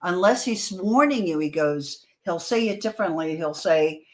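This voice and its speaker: Animated woman telling stories in an interview. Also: on the low side. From New York, USA. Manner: animated, talks in quick restarts and stammers. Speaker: guest author. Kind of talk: casual interview storytelling.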